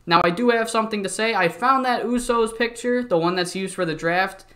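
A man's voice: high voice, fairly quick, sharp tone. A young man casually narrating a wrestling simulation game, jokey and rambling, with some swearing. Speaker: let's-play host.

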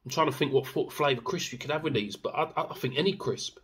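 A man's voice: medium pitch, fast talker, slightly rough. A young man chatting casually in a sauce review vlog, rambling with fillers and swearing freely. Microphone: camera mic.

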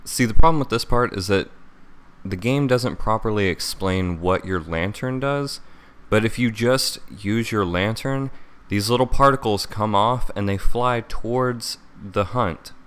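A young man giving let's-play commentary, thinking aloud and reacting excitedly as he plays. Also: on the low side, measured pace, clean tone. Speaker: gaming channel host.

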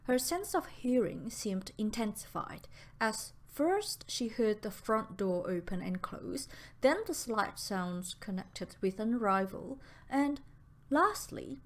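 A woman narrating an audiobook in a slow, deliberate reading style. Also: fairly high pitch, expressive.

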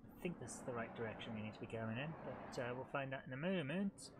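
A man's voice: mid-range voice, expressive, fast, background noise. A middle-aged man hosting a live let's-play, chatting and joking at his own expense. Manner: chatty, self-deprecating, talks to the game. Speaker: host of a retro gaming channel.

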